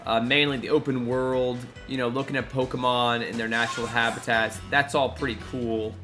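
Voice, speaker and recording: A man with a bright, forceful voice talks through a live game stream, chatty and reactive. Faint music plays underneath him. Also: mid-range voice, little pitch movement, moderate pace. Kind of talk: casual gameplay commentary.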